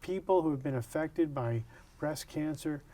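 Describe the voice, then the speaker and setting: A man interviewing a guest, asking earnest, halting questions. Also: fairly high pitch, mellow.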